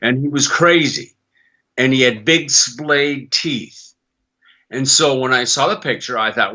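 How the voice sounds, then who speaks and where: Bright-voiced older voice actor. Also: male voice, medium pitch, a little slow, lo-fi sound. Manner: animated storyteller who slips into character voices. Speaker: voice actor guest. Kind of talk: podcast interview.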